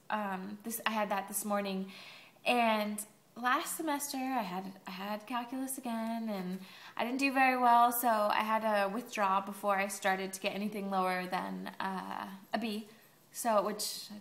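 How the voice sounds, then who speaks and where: A woman's voice: on the high side, a bit bright. Young woman, college vlogger, casual rambling, sarcastic, roomy echo. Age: young adult. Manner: chatty, rambling, sarcastic asides. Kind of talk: casual video diary.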